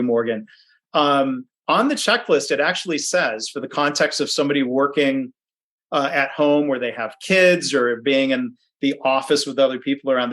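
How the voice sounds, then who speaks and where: A man's voice: mid-range voice, a bit bright. A man giving a conversational webinar presentation from his home office, chatty, with frequent ums and restarts.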